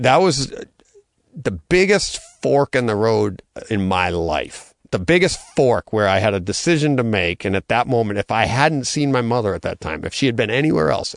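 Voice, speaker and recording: A middle-aged man with a low, gravelly voice tells a story from his life. He talks casually, with plenty of "um"s and restarts, and the sound is dry and close. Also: no echo. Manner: conversational, with many fillers and restarts. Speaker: interview guest.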